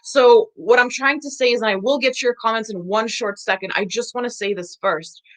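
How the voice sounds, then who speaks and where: A young woman coach on a live stream, speaking frankly and emotionally, swearing often, reading out viewer comments and answering them. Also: on the high side. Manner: frank, emotional, heavy swearing and quick laughs.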